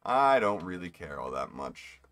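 A man's voice: low voice, very animated, a little slow, fairly bright tone. A young man giving rambling, joking commentary while streaming a video game. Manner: rambling, joking asides to himself. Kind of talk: casual gameplay commentary.

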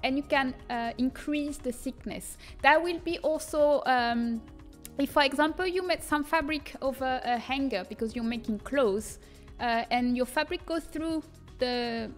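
A woman's voice: sits high, a little slow, few pauses, faint music behind. A young woman with a French accent giving a casual livestream tutorial, chatting, reading viewer comments and laughing often. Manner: chatty, laughs often, reads chat aloud. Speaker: streamer teaching custom content.

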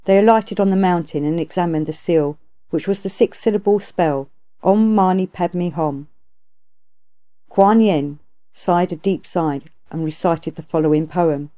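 A woman narrating a classic tale as an audiobook reader, in a steady, even reading. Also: fairly low pitch, a little slow. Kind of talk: scripted storybook narration.

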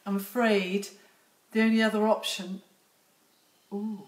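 A woman's voice: mid-range voice, little pitch movement, measured pace. A middle-aged woman hosting a casual live stream outdoors on her phone, chatty and teasing as she greets viewers by name. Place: outdoors near lambs.

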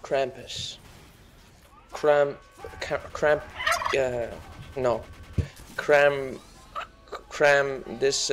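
A man's voice: mid-range voice, gravelly, slight background noise, heavily acted. A man doing a celebrity impression while commentating a game, meandering and self-mocking and easily sidetracked. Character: slow, gravelly, rambling celebrity-impression man.

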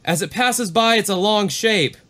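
A man's voice: high-pitched, moderate pace, pushed and bright, voice pushed up. Man doing an alarmed young pilot on the radio. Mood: worried. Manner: urgent, rising, reading from a transcript. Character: anxious young male pilot radioing control.

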